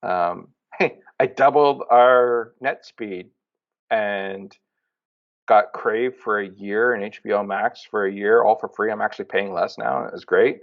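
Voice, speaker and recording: A man co-hosting a podcast, chatting casually and telling rambling, excitable stories. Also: fairly low pitch, measured pace, gravelly. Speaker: podcast co-host. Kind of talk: casual chat. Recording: dull lo-fi sound.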